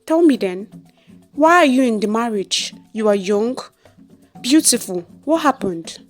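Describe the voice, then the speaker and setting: A woman's voice: on the high side, animated, a little slow, soft background music. A woman voicing a stern, composed young male priest who asks firm questions.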